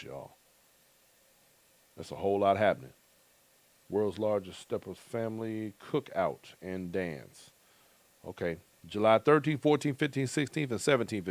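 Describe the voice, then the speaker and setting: A man's voice: fairly low pitch, no echo. A middle-aged male host in loose, joking casual chat, reading out viewer comments and chuckling often.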